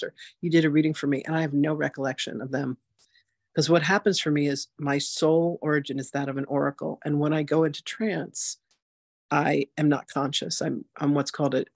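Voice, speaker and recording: A woman's voice: low voice, no echo, clean studio sound. Chatty woman in her sixties, storytelling. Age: 60s. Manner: chatty, animated, frequent "like" and "you know". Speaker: spiritual teacher hosting a masterclass. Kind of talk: casual personal storytelling.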